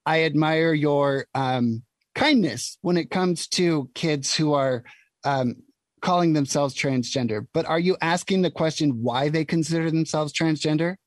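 A man's voice: a little high, unhurried, no room sound. A man from Utah giving an emphatic, indignant opinion monologue, full of ums and you-knows. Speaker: political commentator.

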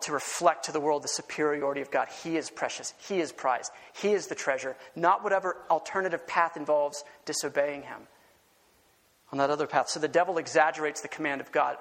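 A male pastor with a slightly high, gravelly voice preaches an animated sermon, driving his points home with rhetorical questions and emphatic repetition. He was recorded in a church sanctuary with a long reverb.

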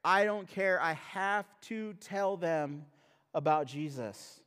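A man's voice: a little high, takes it slowly, a bit bright, clear, resonant tone. A man voicing an eager, newly converted believer who speaks in a plain, determined way. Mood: resolute. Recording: long church-hall reverb.

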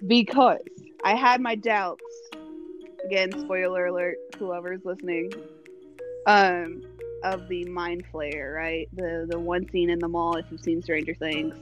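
A woman co-hosting a casual podcast, telling an excitable story and acting out her own reactions. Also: fairly low pitch, measured pace, muffled recording, music in the background. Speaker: podcast co-host.

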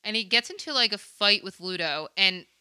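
A woman's voice: mid-range voice, expressive, moderate pace, pushed and bright, clean tone, dry recording, clean studio sound. A woman on a podcast, rambling through a film recap in a loose, swearing, casual way. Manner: rambling, swears freely, acts out characters' lines.

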